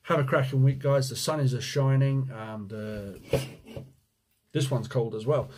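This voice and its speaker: A man's voice: medium pitch, fairly even intonation, a little slow, darkish tone, a little hiss or hum. A middle-aged man from Jersey with a mixed Jersey accent, chatting casually as he answers viewer questions about his window cleaning business, joking and humming as he reads. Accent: Jersey, mixed with time in the USA. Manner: chatty and joking, reads questions aloud, hums while scrolling. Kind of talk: casual Q&A vlog.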